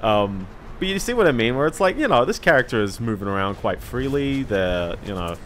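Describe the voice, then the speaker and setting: A man's voice: medium pitch, big pitch swings, a little fast, a bit bright, slight background noise. A man streaming a game, giving rambling, chatty commentary full of fillers and small laughs. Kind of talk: casual gameplay commentary. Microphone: desk microphone.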